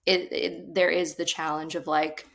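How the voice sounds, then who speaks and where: A young woman comedian telling a family story on a podcast, animated, with frequent laughs and filler words. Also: low-pitched, unhurried, vocal fry. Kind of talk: casual storytelling chat.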